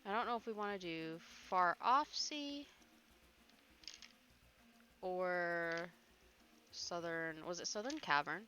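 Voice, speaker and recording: Bright-voiced woman chatting while streaming a game. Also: on the low side, slow pace, long pauses, a little hiss or hum. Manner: chatty, self-mocking, swears casually. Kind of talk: casual game-stream chat.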